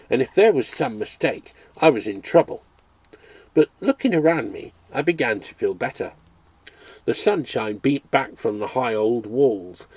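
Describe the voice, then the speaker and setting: A man reading a memoir aloud as a storyteller, expressive and engaged. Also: medium pitch, slightly rough, no room sound. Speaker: audiobook reader.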